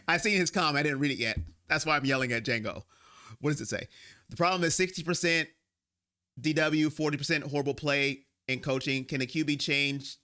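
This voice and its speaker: A man with a slightly high, piercingly sharp voice hosts a live fan stream. He talks in an emotional, rambling way, speaking straight to his viewers as he vents. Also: fairly quick, smooth. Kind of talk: sports fan live-stream venting and reading chat. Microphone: own microphone.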